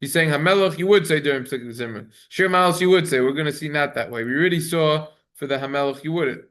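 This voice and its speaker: Speaking fast in a fairly bright, somewhat high voice, a rabbi leads a Talmudic lesson on religious law. He sings out Hebrew passages, then translates them in a chatty, self-correcting manner.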